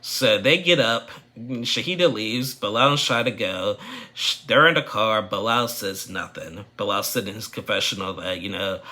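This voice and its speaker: A man's voice: lowish voice, very animated, measured pace, bright, forceful tone. A man giving a casual, opinionated recap of a reality show, rambling with frequent restarts.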